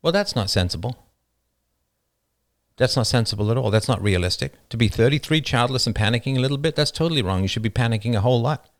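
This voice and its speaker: A man's voice: lively intonation, fast. A man hosting a livestream, talking passionately and rambling through personal stories, often laughing at them. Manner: passionate, rambling storyteller who laughs at his own stories; acts out quoted people in a higher voice. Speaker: livestream show host. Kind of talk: unscripted monologue on a livestream.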